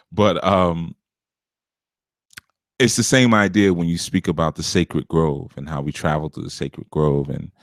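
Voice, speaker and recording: A man's voice: low-pitched, fairly even intonation, slow pace, long pauses, no room sound, studio quality. A man teaching a spiritual class in a loose, conversational way, with frequent asides and an occasional chuckle. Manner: conversational, with frequent asides like "you know" and "you see"; chuckles now and then. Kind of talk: casual spiritual lecture.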